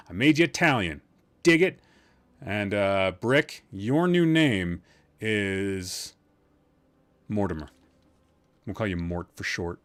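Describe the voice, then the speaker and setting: A man's voice: fairly low pitch, big pitch swings, slow, pauses often, fairly bright tone. A man hosting a live-streamed podcast from a room at home, chatting casually, rambling and teasing his chat with jokes.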